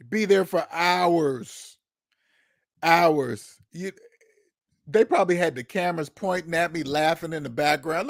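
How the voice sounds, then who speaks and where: Host, male, high-pitched and animated, dry close sound, profane storyteller who acts out quotes. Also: dry recording. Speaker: podcast host. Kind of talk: casual storytelling monologue. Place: Seattle.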